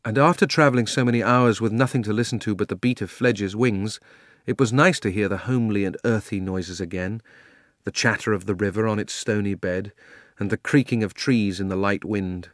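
A man narrating a children's audiobook with measured storytelling. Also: on the low side, no room sound, clean studio sound. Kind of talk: scripted narration.

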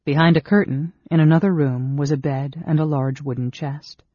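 A man giving a steady, measured audiobook reading of a fantasy novel. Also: on the high side, dry recording. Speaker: audiobook narrator. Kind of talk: scripted narration. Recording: dull, dry studio sound.

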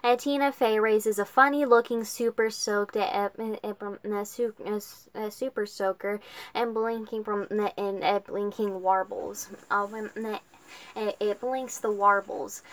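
A woman reading a middle-grade novel aloud, halting often, with many fillers and restarts. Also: medium pitch, fairly even intonation, no echo. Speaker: reader.

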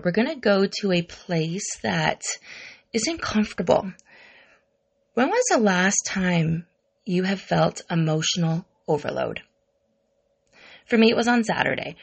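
A woman's voice: medium pitch, creaky, breathy edge. A middle-aged woman hosting a wellness podcast, talking candidly and reflectively to her listeners. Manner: warm, candid, confiding, with repetitions. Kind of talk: casual reflective podcast monologue.

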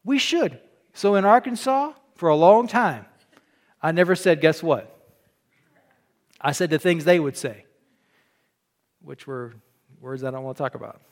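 A middle-aged pastor from Illinois preaches a sermon in church with a somewhat high voice, speaking a little slowly and pausing often. His delivery is folksy and joking, full of animated stories and frequent restarts.

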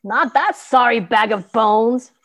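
A woman's voice: on the high side, takes it slowly, creaky, a bit bright, full character voice. A woman voicing a dismissive adult male potter in a storybook reading. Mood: scornful.

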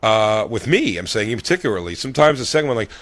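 A man's voice: fairly low pitch, very animated, fast, a bit bright, dry recording. Podcast host, man, forties, meandering crude anecdotes, many fillers, dry close sound. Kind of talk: casual chat.

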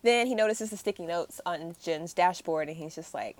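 A woman's voice: on the low side, moderate pace. A woman casually recapping a story, acting out the characters' lines with lots of laughter. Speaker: podcast co-host recapping a series. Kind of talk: casual chat.

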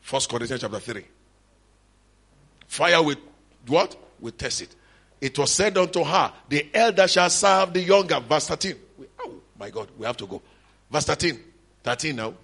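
A middle-aged man with a Nigerian accent preaches a spirited sermon at a church conference, shouting occasionally and adding Yoruba asides. His high voice moves at normal speed, creaky with a breathy edge.

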